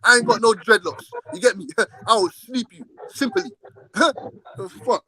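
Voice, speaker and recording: A man's voice: high voice, moderate pace, sharp tone. A young man, hosting a live stream and trading brash, profane trash talk in a heated argument.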